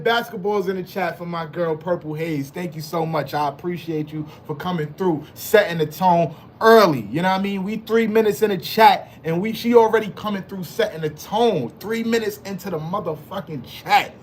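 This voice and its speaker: Man, high voice, live-stream host, hyped, slangy, shouts out chatters by name, faint background noise. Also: fairly even intonation, moderate pace, few pauses. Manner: hyped, greets chat members by name; slangy, repeats phrases often. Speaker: livestream host. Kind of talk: casual live-stream chat.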